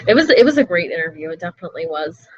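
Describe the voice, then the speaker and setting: A woman's voice: on the low side, big pitch swings, very fast. Rambling woman recapping an interview. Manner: rambling, with many fillers like "everything like that". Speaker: wrestling show host. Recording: slightly dull lo-fi audio.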